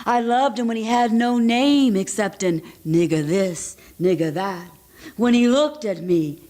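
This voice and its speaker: A woman voicing a dying wife who speaks her mind, with a Southern US dialect and the slow rhythm of oral storytelling. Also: medium pitch.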